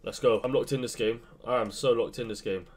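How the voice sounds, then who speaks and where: A young man commentating his own football video game match, swinging between low muttering and sudden shouts. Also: fairly quick. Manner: excitable, swings from muttering to yelling. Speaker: gaming youtuber. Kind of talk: live gameplay commentary.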